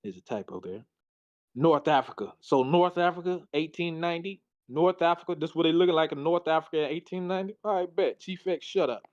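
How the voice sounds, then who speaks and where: A man's voice: a little high, fairly quick, muffled recording. A tired man giving a casual, slangy presentation, reading slides aloud and reacting to them. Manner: loose, slangy, talks back to the slides.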